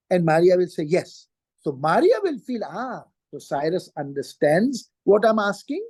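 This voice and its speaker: A woman giving a live lesson on communication skills, repeating key points slowly and acting out short sample dialogues. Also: fairly low pitch, big pitch swings, darkish tone, slightly rough, no room sound. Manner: acts out sample dialogues while explaining. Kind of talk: live online teaching session.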